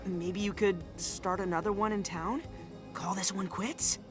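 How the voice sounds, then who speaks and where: A woman's voice: medium pitch, steady tone, a little slow, close to an everyday voice. A woman voicing a cheerful, clumsy male critter pal in a video game, chirpy and giggly. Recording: game music behind.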